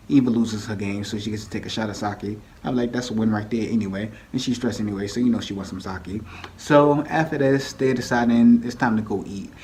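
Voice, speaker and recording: A man's voice: on the low side, darkish tone, slight background noise. A man casually recapping a reality TV episode, chatty and laughing often, acting out the quoted lines.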